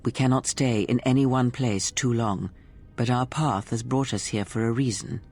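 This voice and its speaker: A man voicing a stern, cryptic old female mentor in a solemn, measured way. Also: medium pitch, a little mellow, faint music behind, natural voice.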